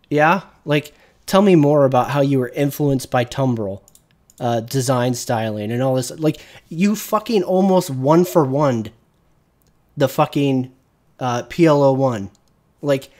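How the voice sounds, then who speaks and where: A man's voice: mid-range voice, a little mellow. A man hosting a live stream, casually ranting and swearing while reacting to a video. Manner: profane, ranting. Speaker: streamer host.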